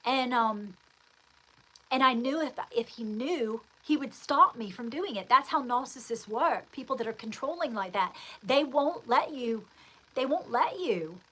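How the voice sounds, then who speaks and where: A middle-aged woman from the United States talks through a personal story as a show host. Her voice sits a little high and rings bright and forward. She rambles with frequent restarts and fillers, leaning hard on emphatic repeats. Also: expressive, measured pace, slightly rough, poor audio.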